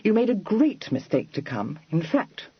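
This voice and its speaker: A man voicing a spirited, quick-tempered young Regency heiress in an audiobook, talking in an impatient, exclaiming rush. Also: sits high, very animated, husky, dry recording, dull audio, voice pushed up, full character voice. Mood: cross.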